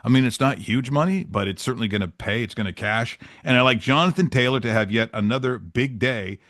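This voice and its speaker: A man's voice: medium pitch, brisk, fairly bright tone, no room sound, studio quality. A man hosting a sports betting show, giving casual picks in a chatty, joking way with loose asides.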